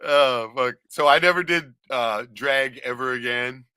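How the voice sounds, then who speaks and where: A man telling a profane story in casual chat, animated, laughing often and acting out the voices of others. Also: medium pitch, measured pace, clear, resonant tone, no room sound, studio quality. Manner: animated, swears a lot, laughs often, acts out quoted voices.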